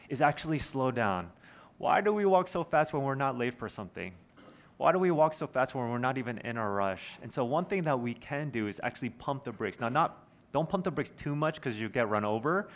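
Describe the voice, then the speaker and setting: A man, preaching a sermon in an earnest, conversational way with personal stories. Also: mid-range voice. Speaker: pastor.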